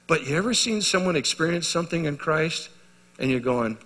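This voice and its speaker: A middle-aged man preaching at a retreat, his voice bright and a touch high for a man. He tells stories, rising to loud exhortation and dropping to hushed intensity. The sound carries a long reverb from a large hall. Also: animated, fairly quick. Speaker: pastor. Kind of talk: sermon. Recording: live sermon in a reverberant hall.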